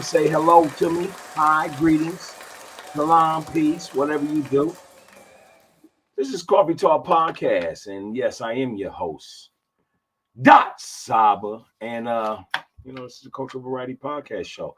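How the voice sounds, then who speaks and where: Husky fifty-year-old man hosting a podcast. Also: on the low side. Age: 50s. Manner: laid-back, drawling, repeats phrases, addresses listeners as y'all. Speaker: podcast host. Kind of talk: casual live podcast chat.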